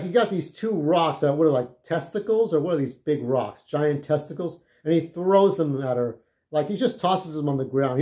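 A man's voice: fairly high pitch, warm tone. Rambling, profane man telling stories. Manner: rambling, profane, frequent "okay?" checks. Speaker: vlogger. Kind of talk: casual storytelling.

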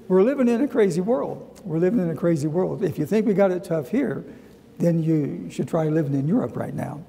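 A middle-aged man with a Southern US accent teaching a Sunday school Bible lesson, earnest, repeating key phrases and slowing down to read scripture. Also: fairly high pitch, animated, creaky, warm tone. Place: church sanctuary. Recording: long reverb of a church hall.

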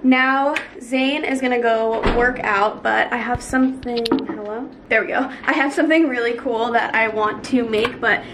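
A young woman in her twenties chatting casually in a home vlog, bubbly and talkative, squealing with excitement and talking to her cats. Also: on the high side, normal speed, few pauses, noisy background. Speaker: vlogger. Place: home bedroom and kitchen.

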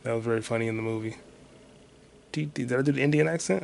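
A man with a gravelly voice hosting a solo podcast, swearing freely as he thinks aloud. His pitch is middling, and his delivery is loose, casual and unscripted. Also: fast talker, long pauses, darkish tone, slight background noise. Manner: profane, thinking aloud while searching online. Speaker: podcast host.

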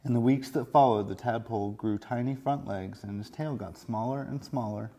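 A man, a children's librarian, reading a picture book aloud in a slow, gentle storytelling way. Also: mid-range voice.

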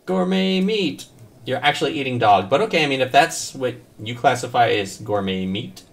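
A man's voice: medium pitch, fairly quick. A man streaming a video game live, chatting casually with viewers, joking and swearing often. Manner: animated, swears often, jokes with chat.

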